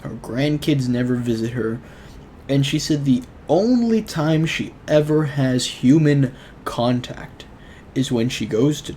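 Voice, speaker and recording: A man's voice: mid-range voice, a little mellow, a little hiss or hum. A young man hosting his own show, telling a personal story in a rambling, earnest way full of fillers. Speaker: show host. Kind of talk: casual storytelling vlog.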